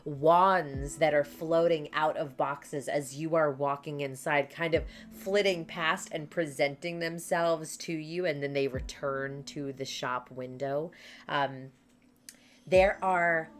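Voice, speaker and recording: A woman narrating a tabletop game as game master, describing the scene in an unhurried way. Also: low-pitched. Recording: faint background music.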